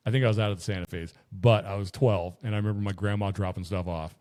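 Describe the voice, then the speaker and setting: A man's voice: on the low side, fairly even intonation, fast talker, darkish tone. A man co-hosting a podcast, telling long, profane stories in casual chat. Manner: profane, rambling storyteller. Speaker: podcast co-host.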